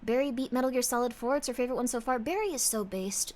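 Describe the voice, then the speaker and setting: A woman's voice: fairly high pitch, fast talker, few pauses, darkish tone. A woman streamer chatting casually on a livestream, bubbly and effusive, gushing praise to her viewers.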